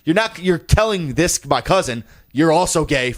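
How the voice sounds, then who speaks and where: Animated young man telling a story. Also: on the high side, moderate pace. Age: young adult. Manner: animated storyteller, acts out quoted people, swears a lot. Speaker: podcast co-host. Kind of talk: casual chat, storytelling.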